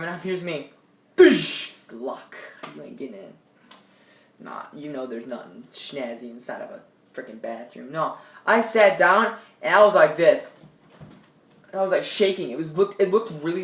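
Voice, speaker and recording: A young woman vlogging on a tablet at home, telling a scary story in an animated way, with loud outbursts and quiet asides. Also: sits low, normal speed, reverberant. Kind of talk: casual storytelling vlog. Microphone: tablet built-in mic.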